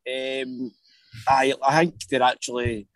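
Scottish male caller, halting casual chat, dry close sound. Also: medium pitch, monotone, dry recording, faint music behind, rough recording. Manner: hesitant, filler-heavy, 'um' and 'aye'.

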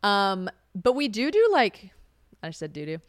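A woman's voice: wildly swooping pitch, moderate pace, no echo, clean studio sound. A young woman hosting a casual solo podcast, chatty and swearing freely, often acting out what others said. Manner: chatty, swearing, laughs, acts out quotes in a high voice. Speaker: podcast host.

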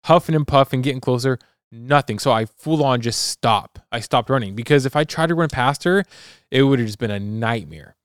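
Young adult male podcast co-host, casual animated storyteller, smooth clear voice on a dry close mic. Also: medium pitch, fairly quick, no room sound. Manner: animated, acts out sounds and quotes.

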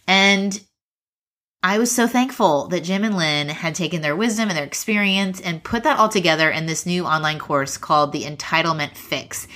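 A woman's voice: fairly low pitch, moderate pace, sharp tone, no room sound. A woman hosting a faith-based parenting podcast, talking in an earnest, chatty way and laughing easily. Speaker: podcast host. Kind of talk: casual podcast chat and ad read.

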